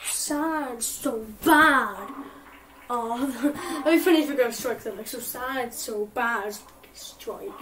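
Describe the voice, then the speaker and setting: A woman's voice: fairly high pitch, takes it slowly, background noise. A woman hosting a let's play, giggly and chaotic, swearing a lot as she plays. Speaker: gaming channel host. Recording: voice far from mic, faint game music.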